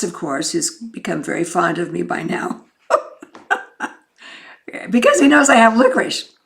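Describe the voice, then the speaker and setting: A woman telling a personal story in a gentle, unhurried, reflective way, with frequent pauses. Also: on the low side, vocal fry. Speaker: speaker.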